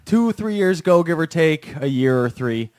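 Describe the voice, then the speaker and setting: A man's voice: a little high, lively intonation, normal speed, darkish tone. A man co-hosting a podcast, telling a story in a loose, self-deprecating way. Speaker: podcast co-host. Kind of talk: casual podcast chat.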